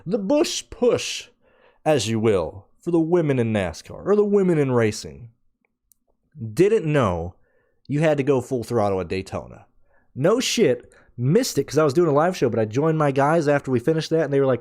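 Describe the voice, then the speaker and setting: A man hosting a casual podcast, ranting in a blunt, profane, animated way. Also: mid-range voice, moderate pace. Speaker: podcast host.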